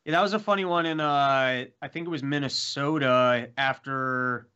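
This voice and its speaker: A man's voice: medium pitch, steady tone, normal speed, sharp tone, smooth, lo-fi sound. A man appearing as a guest on a podcast, chatting casually and explaining his ideas step by step with frequent restarts.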